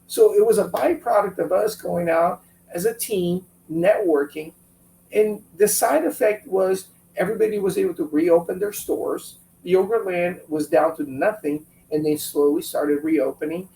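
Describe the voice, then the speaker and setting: A man telling a business story in an interview, animated and acting out what friends said. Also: sits high, normal speed, creaky. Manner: animated, acts out quotes from friends. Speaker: business owner guest. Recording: echoey room, a bit far from mic, faint hum.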